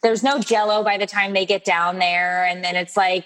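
A woman's voice: medium pitch, animated, moderate pace, hardly any pauses, fairly bright tone, rough recording. A woman in her forties chats as an interview guest, spinning stories and slipping into playful voices for the people she quotes. Her voice sits in the middle range. She talks in a loose, conversational way. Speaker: guest author. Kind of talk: casual interview chat.

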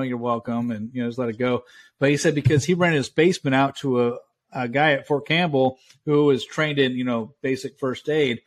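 A man, a US army veteran, talking casually and reflectively, often restarting with stammers. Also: a little high. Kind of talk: casual chat.

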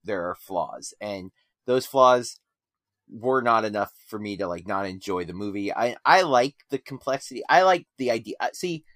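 A man's voice: lowish voice, animated, moderate pace, a bit bright, dry recording, studio quality. A man chatting casually in a film review, enthusiastic and rambling with many restarts.

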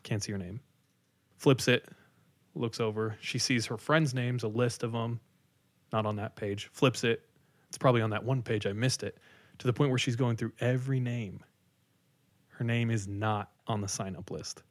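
A man casually retelling a story on a podcast, animated and full of likes as he acts out quotes. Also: medium pitch, normal speed.

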